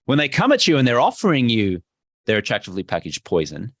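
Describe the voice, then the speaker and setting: An Australian man talks as a podcast guest, with a lively pitch that leaps up and drops down as he presses his points. He slips into short acted exchanges to show what he means. The recording is dry and close. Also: fast talker, dry recording. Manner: emphatic and animated, acts out little dialogues. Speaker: podcast guest, health coach. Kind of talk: energetic interview talk.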